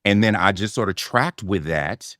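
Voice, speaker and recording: A man's voice: fairly low pitch, expressive, moderate pace, fairly bright tone, dry recording, studio quality. A middle-aged man, an actor guest on a podcast, telling an audition story and acting out his own past lines with laughs and swearing.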